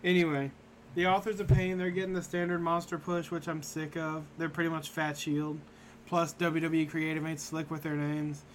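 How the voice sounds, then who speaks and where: A man's voice: on the high side, flat delivery, normal speed, slight background noise. A young man hosting a casual podcast, recapping matches in a rambling way full of fillers. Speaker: podcast host recapping wrestling. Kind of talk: casual chat.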